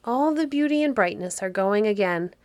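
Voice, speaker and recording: A woman reading aloud, voicing a temperamental queen in a fairy story, anguished and sharp. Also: medium pitch, expressive, moderate pace, no echo, studio quality, natural voice. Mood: sorrowful.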